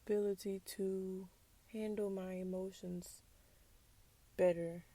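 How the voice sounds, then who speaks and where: Young woman hosting a casual solo podcast, sassy and candid, with a touch of fry in the voice. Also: mid-range voice, flat delivery, slow pace, warm tone. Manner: candid, sassy, drops into whispers for asides. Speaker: podcast host. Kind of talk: casual personal monologue.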